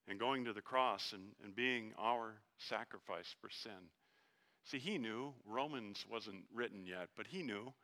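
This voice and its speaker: A man preaching a sermon in a conversational, animated way with jokes and earnest asides. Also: on the low side, unhurried. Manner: conversational and animated, joking, then hushed and earnest. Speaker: pastor.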